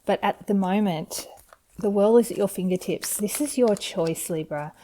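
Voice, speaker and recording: Reading tarot cards for her viewers, a woman speaks in a mellow, relaxed, mid-range voice at a moderate pace. She's gentle and encouraging and openly excited about each card. It sounds like a home video made in front of a camera, with slight background noise.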